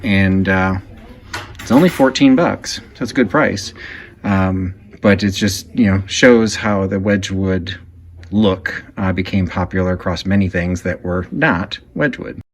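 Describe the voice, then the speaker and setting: Low-voiced man touring an antique shop. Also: measured pace. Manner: conversational, frequent fillers, informative. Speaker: antique reseller vlogger. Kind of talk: walk-through shop commentary. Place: antique shop in a Victorian house.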